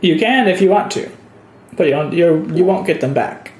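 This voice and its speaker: A man's voice: on the high side, lively intonation, normal speed, a little mellow. A man running a tabletop role-playing game as game master, explaining rules and often laughing. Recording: roomy echo.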